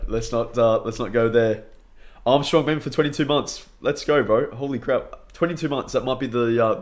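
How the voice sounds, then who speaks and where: A young Australian man chatting upbeat on a late-night live stream, greeting viewers by name and laughing often, a bit tired. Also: medium pitch. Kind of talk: casual live stream chat.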